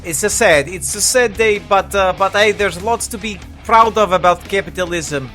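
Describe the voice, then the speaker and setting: A man's voice: medium pitch, normal speed, bright, forceful tone, faint music behind. A man voicing a Soviet radio operator who poses as an American host, speaking in exaggerated broken English with a boastful announcer delivery. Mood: mock-announcer.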